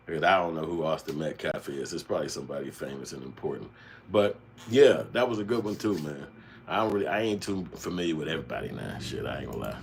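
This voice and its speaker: Laughing husky-voiced man reading chat aloud. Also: fairly low pitch. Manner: loud laughing, reads comments aloud, slangy. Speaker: livestream host reading chat. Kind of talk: casual livestream chat.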